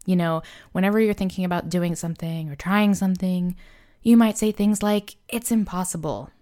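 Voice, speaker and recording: A young woman hosts a casual motivational podcast, speaking candidly and loosely with plenty of "like" and "you know." Her voice sits on the low side, with a steady, mellow tone and a normal pace. She comes across as candid and self-deprecating.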